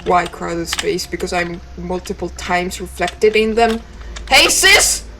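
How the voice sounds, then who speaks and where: A woman's voice: lowish voice, steady tone, unhurried, noisy background. A woman, a native Italian speaker, playing a text game and reading its lines aloud with chatty, playful asides. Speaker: let's play streamer.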